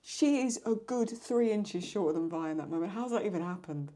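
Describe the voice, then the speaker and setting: A young woman chatting excitedly and mocking herself while she reacts to videos as host of her channel. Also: mid-range voice, fairly quick, slight background noise. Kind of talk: casual reaction commentary.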